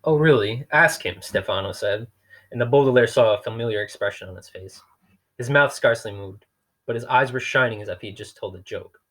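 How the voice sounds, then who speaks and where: A man's voice: lowish voice, brisk, fairly bright tone. A man reading a novel aloud in a dry, wry storytelling manner. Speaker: reader.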